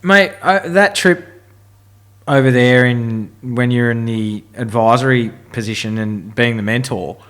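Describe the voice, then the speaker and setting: A man's voice: mid-range voice, unhurried, a bit bright. An Australian man hosting a podcast, asking loose, rambling questions in a matey tone. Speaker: podcast host. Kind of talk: casual interview.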